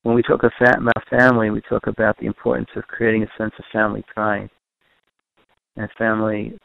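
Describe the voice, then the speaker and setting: A man's voice: fairly low pitch, completely flat delivery, brisk, creaky, no echo, narrow, tinny audio. A man giving a recorded lecture to a group on family and parenting, repeating and rephrasing his points for emphasis.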